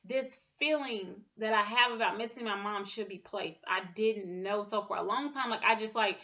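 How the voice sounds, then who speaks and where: A woman in her thirties giving an emotional personal testimony, halting and full of fillers and restarts. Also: mid-range voice, pushed and bright, highs cut off. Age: 30s. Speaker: speaker sharing a personal testimony.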